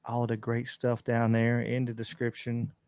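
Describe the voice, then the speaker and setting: A man's voice: mid-range voice, completely flat delivery, measured pace, a little mellow, no echo. A man hosting a casual livestream podcast, rambling in a laid-back way with lots of fillers. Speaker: podcast host. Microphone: desk mic on a stand.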